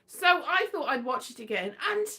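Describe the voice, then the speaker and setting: A woman's voice: sits high, very animated, normal speed, sharp tone. A woman hosting a casual livestream, chatting in a playful, rambling way with sing-song bursts. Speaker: livestream host.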